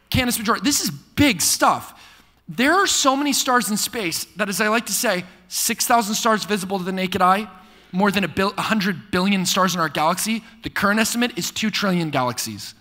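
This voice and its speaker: A young man preaching a lively sermon to a live audience, joking and asking them to repeat lines after him. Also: high-pitched. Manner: energetic, playful preaching with call-and-response jokes. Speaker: pastor. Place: church hall before a live audience. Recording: long reverb of a hall.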